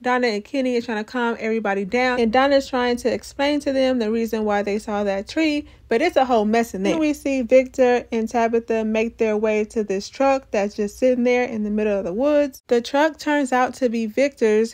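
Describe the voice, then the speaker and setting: A woman giving a casual, animated, sassy recap of a TV episode. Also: on the high side.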